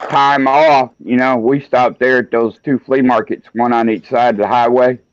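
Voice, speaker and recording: A man from Alabama, a relaxed and jokey guest on a casual live stream chat. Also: mid-range voice, moderate pace, no echo. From Alabama, USA. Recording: dull, lo-fi sound.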